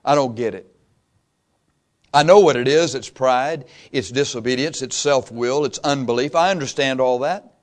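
A man preaching a sermon, impassioned and emphatic, swinging from loud peaks to quiet asides and repeating phrases for emphasis. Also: medium pitch, moderate pace.

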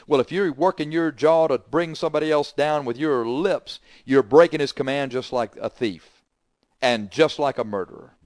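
A man's voice: mid-range voice, normal speed, a little mellow, no echo, studio quality. A man preaching a sermon, hammering the congregation with confrontational rhetorical questions.

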